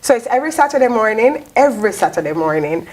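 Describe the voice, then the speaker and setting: A woman's voice: a little high, sing-song, fast talker, rough recording. A woman, a radio program facilitator explaining things steadily as a guest on a morning TV show. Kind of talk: studio guest interview.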